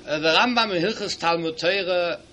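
A man with a high, bright voice gives a Torah lecture to teachers. He reads Hebrew sources quickly and then lays each one out in English. A faint hum of the hall sits behind him. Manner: quotes Hebrew sources in rapid bursts, then explains in English. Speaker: rabbi speaking to teachers. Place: hall at an event.

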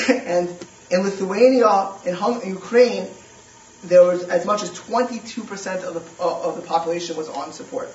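A man's voice: sits high, moderate pace. A man giving a history lecture, emphatic and repeating key points for the class. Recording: echoey room, distant muffled mic.

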